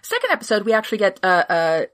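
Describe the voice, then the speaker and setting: A woman co-hosting a podcast, recapping a TV series in casual chat with swearing and quick asides. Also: medium pitch, wildly swooping pitch, fairly bright tone. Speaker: podcast co-host.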